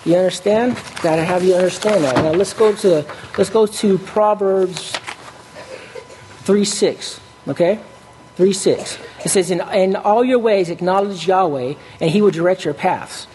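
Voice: mid-range voice, unhurried, a little mellow, a little hiss or hum. Preacher who keeps asking "okay?". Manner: stops often to ask "okay?", corrects slips aloud. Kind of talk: sermon.

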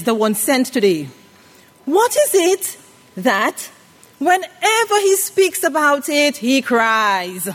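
Woman preacher, high and lively voice, call-and-response sermon, echoing worship hall. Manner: call-and-response, asks the congregation questions.

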